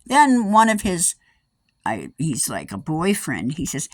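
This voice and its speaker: A woman's voice: sits low, wildly swooping pitch, a little slow, no room sound. A woman ranting in an indignant, sarcastic, rambling way as she vlogs about her own experience. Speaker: vlogger. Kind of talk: angry personal rant.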